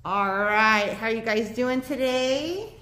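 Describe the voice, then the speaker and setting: A woman's voice: on the high side, slow, sharp tone, slight background noise. A woman hosting a casual local talk show from a studio, chatty and bubbly, laughing often, with a slight lisp from dental aligners.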